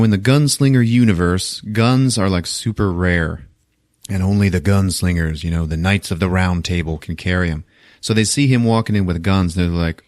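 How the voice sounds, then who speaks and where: A low-voiced man hosts a podcast, recorded with studio quality and no echo. He casually recaps a film through loose, profane storytelling, voicing the characters along the way.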